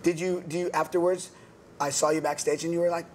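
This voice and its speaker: A man's voice: a little high, little pitch movement, a little fast. A man hosting a talk show, chatting in a teasing, playful way. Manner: teasing, playful, acts out quotes. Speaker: host. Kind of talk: casual chat. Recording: noisy background ambience.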